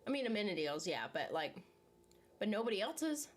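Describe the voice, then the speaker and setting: Young woman just chatting casually, rambly, says "like" a ton, mid-pitched voice. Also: very animated, moderate pace, slight background noise. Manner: rambling, filler-heavy with frequent "like" and laughs. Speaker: channel host. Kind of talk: casual chat reacting to a series while eating.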